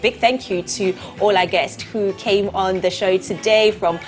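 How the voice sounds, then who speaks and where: A woman co-hosting a breakfast show talks at a middling pitch, bubbly and quick to shower her guests with praise. A bit of music plays faintly behind her. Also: fairly even intonation. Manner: effusive, gushing with praise. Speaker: co-host of a morning show. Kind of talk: lively morning show chat.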